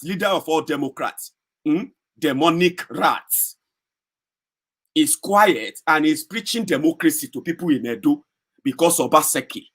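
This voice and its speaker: A man's voice: on the high side, sharp tone. A man with a Nigerian accent giving heated, sarcastic political commentary in a vlog.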